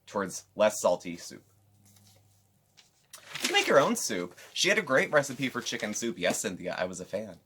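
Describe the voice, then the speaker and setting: A man hosting a casual commentary show, recapping another creator's videos with animated, sarcastic asides. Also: fairly low pitch, moderate pace, slightly rough. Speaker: commentary channel host.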